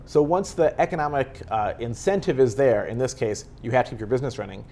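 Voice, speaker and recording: A man, an author and technologist, giving measured, explanatory answers in an interview. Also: medium pitch. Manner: earnest, explanatory, steady.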